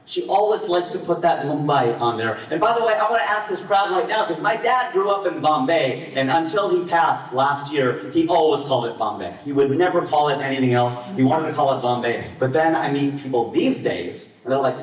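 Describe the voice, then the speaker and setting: A man in his late forties performing a live stand-up comedy set on a festival stage, with his voice jumping up in pitch and volume on the punchlines. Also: expressive, brisk, hardly any pauses. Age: 40s. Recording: echoey hall, voice from far off.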